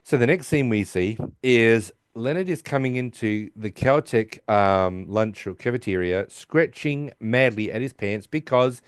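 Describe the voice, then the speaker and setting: A man hosting a podcast, casually retelling a sitcom episode and voicing quick quotes from the characters. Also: medium pitch, clean tone, no echo, clean studio sound. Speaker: podcast host. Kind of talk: casual recap chat.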